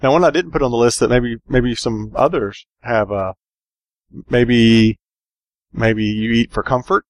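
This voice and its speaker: A man's voice: mid-range voice, measured pace, no echo. A man co-hosting a podcast, chatting casually and joking, with a lot of fillers. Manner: relaxed, joking, rambling with fillers. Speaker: podcast co-host.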